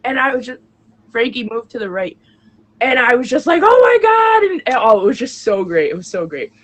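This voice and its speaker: A woman's voice: fairly high pitch, brisk. A young woman co-hosting a casual live-stream show, chatty and bubbly with plenty of fillers. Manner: bubbly, many fillers, bursts into excited shrieks.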